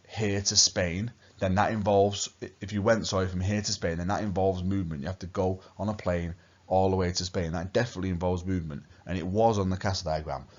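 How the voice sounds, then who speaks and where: A man teaches a recorded lesson, patiently repeating his key points. His voice sits very low. The recording sounds dull and lo-fi. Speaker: language teacher.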